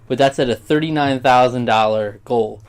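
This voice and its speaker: Young male vlogger, mid-pitch voice, casual and meandering, talks earnestly and loses his thread. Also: moderate pace. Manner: rambling, sidetracked, heartfelt. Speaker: YouTuber. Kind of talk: casual vlog monologue.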